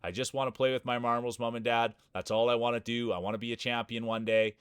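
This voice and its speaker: A man's voice: medium pitch, level tone, quick pace, clean tone, dry recording, studio quality, close to an everyday voice. A man doing a whiny marble-obsessed kid. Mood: earnest pleading. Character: boy obsessed with his marbles.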